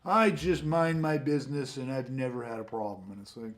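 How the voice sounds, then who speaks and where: A man's voice: mid-range voice, fairly quick. A man hosting a podcast, talking in a blunt, emphatic, profane way. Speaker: podcast host. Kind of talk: casual podcast talk.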